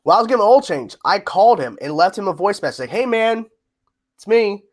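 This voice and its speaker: A man chats casually on a livestream, answering viewer questions. His voice sits a little high for a man. He laughs often and tends to repeat his phrases. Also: very animated, fast talker. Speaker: livestream host.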